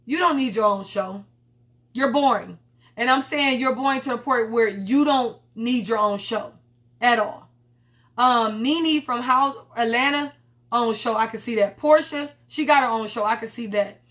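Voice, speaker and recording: A young woman reviews a reality TV episode in a casual commentary vlog, chatting bluntly with profanity and slang. Her voice is a little high, unhurried, and fairly bright.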